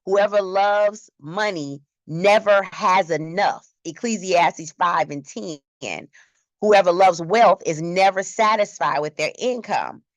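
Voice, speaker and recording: A woman's voice: fairly low pitch, takes it slowly, no echo, highs cut off. A woman teaching a church Bible class in a conversational way, asking the class questions.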